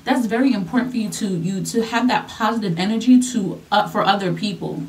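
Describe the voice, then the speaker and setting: A woman's voice: mid-range voice, brisk, far from the mic. A young woman vlogger telling a personal story in a casual, chatty way, repeating herself and using lots of fillers.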